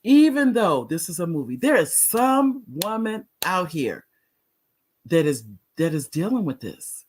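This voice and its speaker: A woman's voice: fairly low pitch, very animated, measured pace, darkish tone, a little hiss or hum. A middle-aged woman hosting a casual live talk show, chatting with viewers, restarting sentences and laughing often. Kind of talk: casual live-stream chat reading viewer comments.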